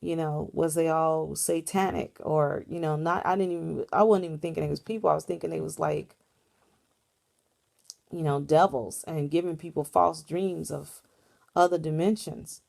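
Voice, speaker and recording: A woman's voice: low voice, steady tone, moderate pace, vocal fry, darkish tone. A woman vlogger casually recounting a dream in a rambling, earnest storytelling way.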